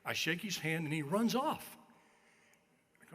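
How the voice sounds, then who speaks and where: An older man tells folksy, self-deprecating after-dinner stories while accepting an award at a podium microphone in a large hall. His voice is a little high, husky and fairly bright, very animated and a little fast. Long banquet hall reverb colors the sound.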